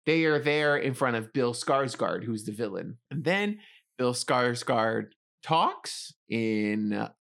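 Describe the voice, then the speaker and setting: A man co-hosting a podcast and chatting casually about a film. He talks in a jokey, expressive way, with a lively pitch that moves a lot. He often backs his co-host up with quick agreement. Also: vocal fry. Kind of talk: casual movie chat.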